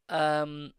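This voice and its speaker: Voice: medium pitch, clear, resonant tone, dry recording. A host reading tarot on a live stream, answering viewers' questions, calling them "my darling" and murmuring while drawing cards. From England.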